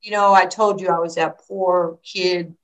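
An older woman tells stories in an interview, acting out what people said. Her voice sits a little low for a woman. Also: a little slow, low-quality recording. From New York. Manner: animated storyteller, acts out quotes. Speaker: basketball coach. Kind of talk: storytelling interview.

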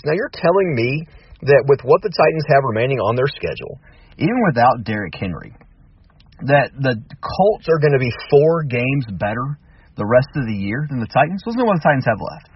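A man arguing his case as a sports talk host, firing off rhetorical questions in a heated, animated way. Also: fairly high pitch, breathy edge, no echo, recorded from a distance, lo-fi sound. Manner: animated, argumentative, rapid-fire rhetorical questions. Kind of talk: sports radio commentary.

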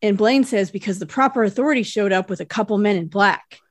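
A woman co-hosting a podcast, retelling a TV episode scene by scene in relaxed, casual narration. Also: medium pitch, fast, no echo, studio quality. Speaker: podcast co-host. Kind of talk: casual recap chat.

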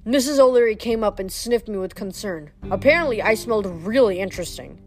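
A woman's voice: mid-range voice, expressive, a little fast, faint music behind. Woman reading a novel aloud. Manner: plain reading with small slips and restarts. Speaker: reader.

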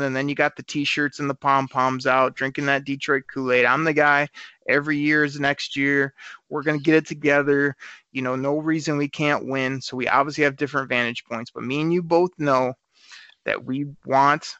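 A man hosting a sports talk show, arguing his point quickly and stumbling over repeated words. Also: mid-range voice, level tone, sharp tone, no room sound. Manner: argumentative, rapid, trips over repeated words. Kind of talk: casual sports radio chat. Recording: slightly dull lo-fi sound.

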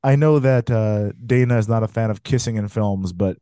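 A man's voice: lowish voice, normal speed, dark tone, clean tone, no echo. A man hosting a casual movie review chat, blunt and exasperated, who swears freely. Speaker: podcast host.

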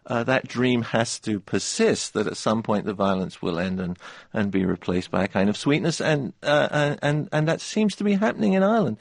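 A man's voice: on the low side, gravelly, no room sound, studio quality. A man, a novelist guest on a radio show, answering thoughtfully with many hesitations and restarts. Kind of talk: radio interview.

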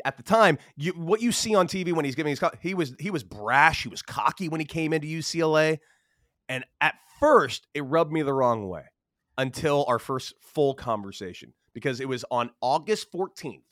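A man hosting a casual sports chat who tells animated stories, laughing and repeating himself. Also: medium pitch, no echo, clean studio sound. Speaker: podcast host.

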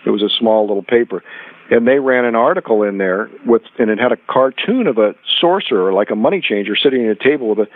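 A man's voice: medium pitch, expressive, quick pace, no room sound. A man telling rambling anecdotes as a guest in a podcast interview, acting out quoted dialogue as he goes. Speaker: rare coin dealer and guest. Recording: tinny phone-line sound.

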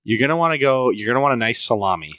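Brief: young male co-host, animated pitch, dry mic, teasing banter. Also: racing, no room sound. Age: young adult. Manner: teasing, playfully indignant. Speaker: podcast co-host. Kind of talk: casual chat.

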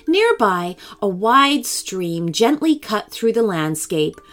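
A woman reading a children's story aloud in an expressive way. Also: mid-range voice, slow pace, faint music behind.

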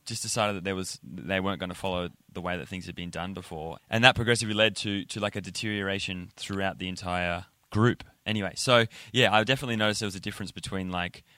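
Brief: low-pitched male podcast host with a bright, forceful tone and a rambling, filler-heavy delivery. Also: no echo. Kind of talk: casual interview chat.

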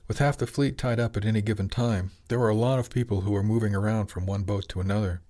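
A male audiobook narrator with a fairly low voice. He reads scripted narration at an even, measured pace.

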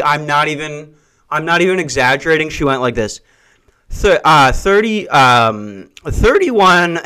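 A man's voice: fairly high pitch, fairly bright tone. Young man on a profane comic rant. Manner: profane, exasperated, with mocking impressions. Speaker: podcast host. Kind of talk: comedic rant.

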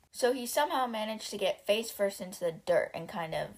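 A woman's voice: medium pitch, animated, brisk, hardly any pauses. A young woman hosting a podcast, casually retelling book chapters with lots of "like" and "you know". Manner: chatty, many fillers like "like" and "you know".

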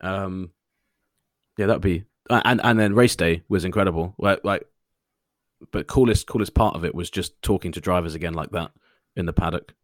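A man's voice: low voice, moderate pace, no room sound, studio quality. An English man co-hosting a podcast, chatting casually and joking about himself. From England. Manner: animated, self-mocking, laughs at own jokes. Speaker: podcast co-host. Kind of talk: casual chat.

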